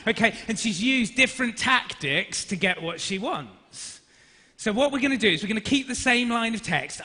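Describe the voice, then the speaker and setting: A man in his thirties, an actor leading an energetic interactive business workshop and directing the audience. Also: high voice, moderate pace, breathy edge. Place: large conference hall. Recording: reverberant hall.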